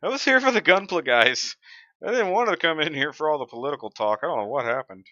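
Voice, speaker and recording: Man voicing an exasperated young guy, pitched up, complaining. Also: expressive, fast, sharp tone, dry recording, highs cut off. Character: indignant young male viewer.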